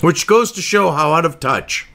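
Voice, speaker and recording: A man's voice: fairly high pitch, lively intonation, normal speed, gravelly, pushed and bright, slight background noise. A man giving profane political commentary, ranting sarcastically and reading news excerpts aloud between crude asides.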